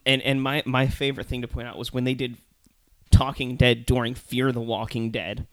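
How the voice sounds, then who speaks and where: A man co-hosting a casual podcast, ranting heatedly with curses and at times shouting. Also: mid-range voice, flat delivery, moderate pace, no room sound. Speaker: podcast co-host. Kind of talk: casual profane chat.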